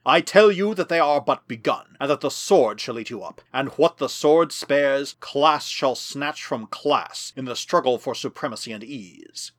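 Man reading an ancient male tyrant in an audiobook, bitter and menacing, slow and grave, pitch swinging widely. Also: animated, no echo, clean studio sound. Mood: bitter prophecy.

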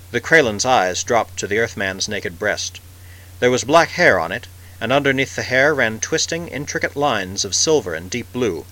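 Male narrator, scripted audiobook reading, measured and vivid, bright tone. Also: medium pitch, poor audio.

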